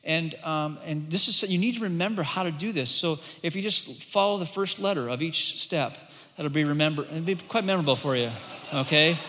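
A man preaching a sermon as pastor, earnest and emphatic, at times pleading and at times softening. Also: fairly high pitch, a little fast, big-room sound.

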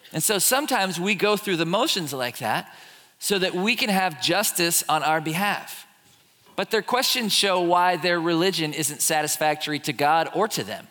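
A man preaching from the pulpit in a high, bright voice, animated and playful as he acts out the voices of complainers. His words ring out with the long reverb of a church hall. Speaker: pastor. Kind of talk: sermon. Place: church sanctuary.

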